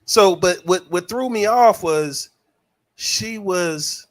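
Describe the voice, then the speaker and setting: A man hosts a podcast in loose, crude chat, reading listener comments aloud in a voice. His voice sits a little high for a man. The delivery is animated and profane. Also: slow. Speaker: podcast host. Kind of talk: casual chat.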